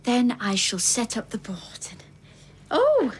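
A woman's voice: fairly high pitch, wildly swooping pitch, takes it slowly, breathy edge, heavily acted. An actress playing a prim, wordy older woman who talks in formal phrases. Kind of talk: TV soap drama acting.

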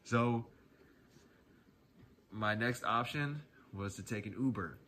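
A man's voice: mid-range voice, takes it slowly, bright, forceful tone, a little hiss or hum. A young man casually telling a personal story, laid-back and profane, chuckling often.

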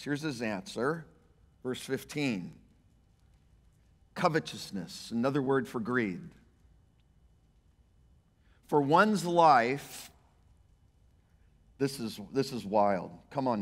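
A male pastor, preaching a sermon in an emphatic, animated way and voicing the quotes he reads. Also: medium pitch. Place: church sanctuary. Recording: church hall reverb.

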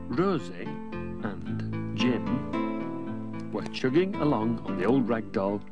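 A man's voice: lowish voice, very animated, takes it slowly, loud music behind the voice. A man narrating a children's story in a playful way, savouring the sound words.

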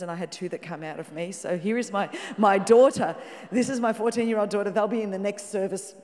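A woman's voice: medium pitch, darkish tone, in a large hall. A woman in her fifties with an Australian accent, preaching as a guest pastor in an exuberant, joking way. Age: 50s. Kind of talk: sermon. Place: large church.

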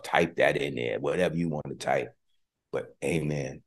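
A male preacher delivering a livestreamed sermon with call-and-response, at times quiet and emotional in prayer. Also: very deep voice, moderate pace.

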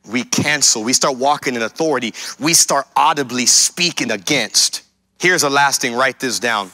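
A man's voice: mid-range voice, normal speed, sharp tone. A male pastor preaching a sermon, emphatic, repeating his key lines and speaking straight to the congregation.

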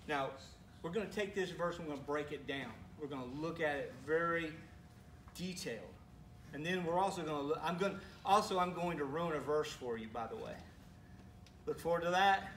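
Conversational preacher in an echoey sanctuary. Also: male voice, a little high, brisk, a bit bright, distant mic, slight background noise. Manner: conversational, asks the congregation questions, teasing asides. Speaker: pastor. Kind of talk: sermon. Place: church sanctuary. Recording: echoey room, speaker away from mic.

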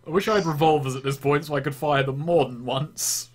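A man's voice: on the high side, fairly even intonation, fairly quick. A man playing a tabletop game, brashly declaring his character's actions. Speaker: player. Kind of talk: casual tabletop play.

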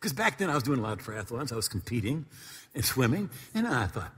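A man's voice: medium pitch, very animated, fast, slightly rough. A middle-aged male pastor telling a story in a sermon to his congregation, acting out the voices of the people in it. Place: church sanctuary before a congregation. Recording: long hall reverb.

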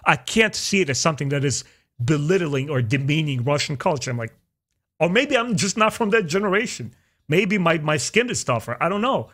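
A man hosting a podcast, chatting casually and opinionatedly, his pitch jumping up for emphasis. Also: a little fast. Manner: opinionated, animated, jumps into high pitch for emphasis. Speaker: podcast host. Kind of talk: casual chat.

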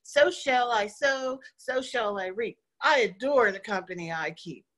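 A woman's voice: on the high side, expressive, unhurried, fairly bright tone. A woman doing Misery, cross and whining. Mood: whiny. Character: haughty, whiny woman called Misery.

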